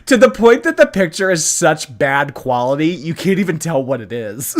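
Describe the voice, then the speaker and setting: Man, casual stream chat, sarcastic, very animated pitch. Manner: sarcastic, teasing, lively intonation.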